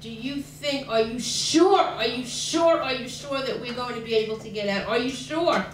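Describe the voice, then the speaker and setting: Casting: a woman doing a frightened older mother who pleads and shouts in alarm, high-ish voice, heard from across a roomy, noisy space. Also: animated, unhurried. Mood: pleading. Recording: roomy, distant, noisy room.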